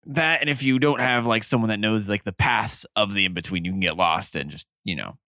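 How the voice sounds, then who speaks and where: A man acts as game master for a group of players, explaining the rules of the world in a loose, halting way. His voice is bright and clear. The sound is close and dry. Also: fairly low pitch, no echo. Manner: loose and hesitant, many fillers.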